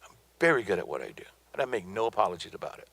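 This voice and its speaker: A man's voice: low-pitched, sing-song, racing, vocal fry, a bit bright, slightly rough, dry recording. Emphatic, preacherly middle-aged man. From American South. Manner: emphatic, preacherly, repeats for effect. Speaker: business speaker. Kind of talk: motivational talk with slides.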